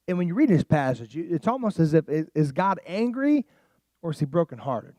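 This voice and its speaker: Pastor guy preaching, kinda high voice, gets loud then goes quiet, slangy, dry sound. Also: fairly quick, no room sound. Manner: animated preaching, swings from quiet asides to loud emphatic passages; casual slang. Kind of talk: sermon.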